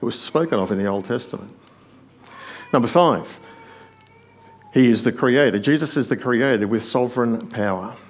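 A man preaching a sermon, explaining a passage point by point and often dropping to a quiet aside. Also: medium pitch, normal speed, pauses often.

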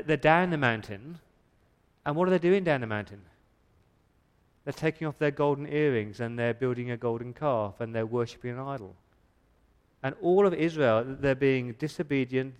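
A man preaching a sermon in church with emphatic, pressing delivery. He asks rhetorical questions and often trips over and repeats his words. His voice sits at an ordinary male pitch. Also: normal speed, smooth. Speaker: pastor.

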